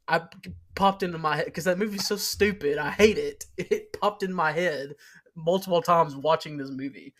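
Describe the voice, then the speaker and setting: A man with a fairly high voice gives blunt opinions on a film in relaxed podcast chat. He often cuts himself off and starts his sentences again. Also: normal speed. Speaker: podcast co-host. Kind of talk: casual movie review chat.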